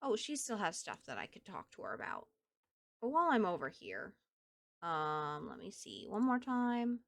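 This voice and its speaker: Lively Southern-accented woman streamer. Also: mid-range voice, normal speed, gravelly. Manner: chatty, thinks aloud and talks to chat. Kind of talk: casual gameplay chat with viewers.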